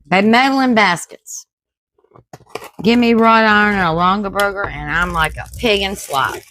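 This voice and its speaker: A woman's voice: medium pitch, normal speed, fairly bright tone, low-quality recording. A woman, unboxing home decor at home in a casual, folksy chat with her viewers. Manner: chatty, folksy, talks to viewers as y'all.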